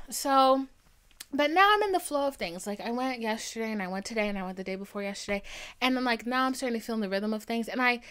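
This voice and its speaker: Young woman, podcast host, casual monologue, animated, slightly high-pitched. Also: fast, clean tone. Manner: animated storytelling, swings between murmurs and excited high bursts.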